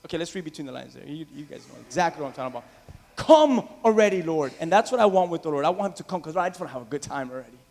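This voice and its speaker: A man preaching a sermon as pastor, impassioned, swinging from loud calls to quiet asides. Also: fairly high pitch, rapid-fire, creaky, few pauses. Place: church sanctuary. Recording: reverberant hall.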